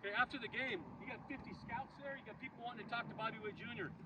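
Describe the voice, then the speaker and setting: Man in his 40s, ex-pro ballplayer pepping up a kids' team, very high voice, lively storyteller, recorded from far off outdoors with noise behind. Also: racing. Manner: animated storyteller, asks the kids questions, shouts quoted chants. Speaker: former pro baseball player speaking to a youth team. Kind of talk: motivational talk to kids.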